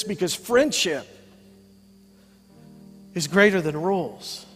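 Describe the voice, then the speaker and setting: A middle-aged man preaching a sermon from the pulpit, his voice sitting high for a man. He drives his points with repeated call-outs to the congregation. The sound carries a long hall reverb. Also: expressive, a little fast, faint music behind. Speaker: pastor. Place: church sanctuary with congregation.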